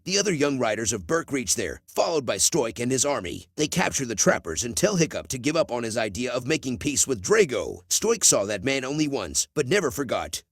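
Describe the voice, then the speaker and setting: A man's voice: mid-range voice, dry recording, clean studio sound. A man narrating a movie recap in a scripted storytelling style.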